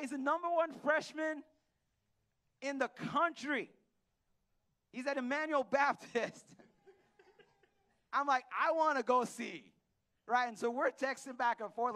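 A man preaching a casual, animated sermon to a church congregation, telling stories and acting out bits of dialogue. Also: very high-pitched. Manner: animated, storytelling with acted-out dialogue and audience questions. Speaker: pastor. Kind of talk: conversational sermon. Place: church hall.

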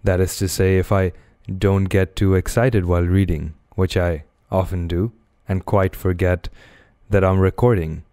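A man reads a classic novel aloud, measured and expressive. His deep, smooth voice sits close to a dry microphone. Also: no echo. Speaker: audiobook reader.

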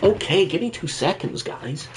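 A man's voice: a little high, very animated, moderate pace, noisy background. A man chatting casually with his viewers while streaming a game from his bedroom, laughing often and bantering with the chat.

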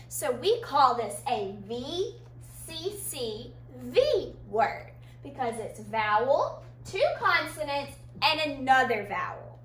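A woman teaches a children's phonics lesson at a slow, careful pace. Her high, bright voice rises and falls a lot as she asks questions and praises the class. She is recorded from some distance in an echoey room.

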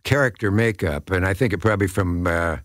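Guest, 80s man from Nebraska; deep, close, anecdotal, often groping for names. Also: no room sound. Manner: rambling, anecdotal, pauses searching for names. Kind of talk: casual interview chat.

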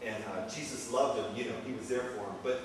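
A man preaching a casual, chatty sermon, full of asides and quick "okay?" checks with his listeners. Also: mid-range voice. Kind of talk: informal sermon. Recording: very echoey, distant mic, faint noise.

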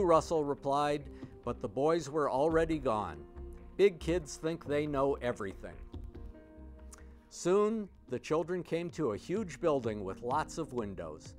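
Male storyteller, lively children's book narration, soft music under. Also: fairly high pitch, measured pace. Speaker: storybook reader. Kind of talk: reading a children's picture book aloud.

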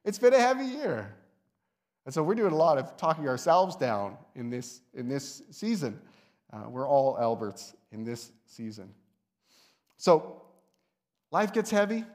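Pastor guy giving a chatty sermon in church, mid voice, gets louder on the big points. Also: mid-range voice, very animated, measured pace, long pauses. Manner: conversational, with soft asides and lifted emphasis. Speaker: lead pastor. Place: church sanctuary.

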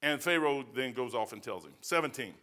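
Preaching verse by verse in a church sanctuary, the male pastor uses a mid-range voice with lively intonation, a brisk pace and a sharp tone. His Midwestern American accent comes through in his folksy, emphatic, colloquial delivery.

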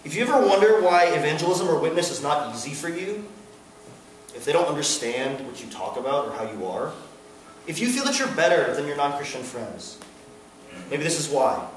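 A young man, a campus fellowship speaker, preaches an earnest sermon to students in a large, echoey hall, building to emphatic peaks and acting out a screaming son. His voice is on the high side with big pitch swings and a brisk pace, recorded from a distance with a little hiss or hum.

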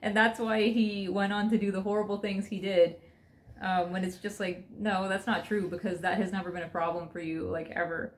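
A woman's voice: medium pitch, steady tone, fairly quick, a little hiss or hum. A woman co-hosting a casual comic reaction chat, telling imagined scenes and voicing the characters in them. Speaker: co-host.

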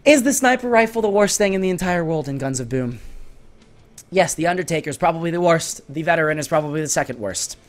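A man with a hoarse voice giving exasperated, sarcastic, excitable commentary over his own gameplay. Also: on the high side, quick pace, soft background music. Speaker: gaming channel host.

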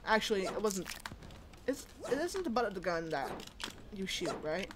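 A woman's voice: mid-range voice, big pitch swings, moderate pace, long pauses, background noise. A woman giving casual, jokey commentary while playing a game, chatting away and shrieking when startled. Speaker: gaming video host.

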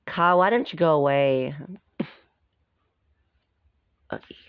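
A woman's voice: sits low, animated, slow, clear, resonant tone, no room sound. A woman casually reading a storybook aloud, stopping to chat and comment on the pictures. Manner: chatty, stops to comment on the pictures. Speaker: storybook reader. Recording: dull, dry lo-fi recording.

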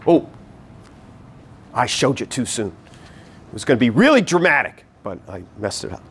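A man giving a live teaching talk to an audience in a meeting room, animated and repeating his key points. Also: medium pitch, moderate pace, long pauses, husky. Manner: animated, acts out voices to demonstrate. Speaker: workshop presenter.

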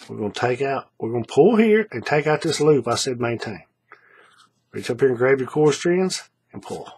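A man with a slightly husky, breathy voice explains a paracord craft as he works with his hands. His pitch rises and falls in a lively way, and he keeps checking in with "right?" as he repeats each step.

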